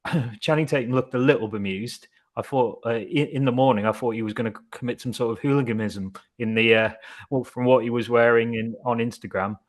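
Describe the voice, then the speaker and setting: A man's voice: mid-range voice, steady tone, a little fast. A man, co-hosting a casual podcast chat in a chatty way and swearing now and then. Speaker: podcast co-host.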